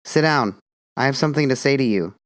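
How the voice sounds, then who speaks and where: A man's voice: medium pitch, animated, brisk, no room sound, studio quality, natural voice. A man voicing a woman, a former TV personality, speaking earnestly and confessionally in an audiobook. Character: young woman, former TV personality, newly calm. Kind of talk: audiobook dialogue reading.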